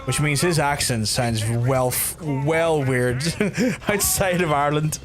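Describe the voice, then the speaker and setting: A man's voice: a little high, slow pace, music in the background. A man streaming a video game, chatting casually and swearing often while he talks over the play. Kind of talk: casual gameplay commentary.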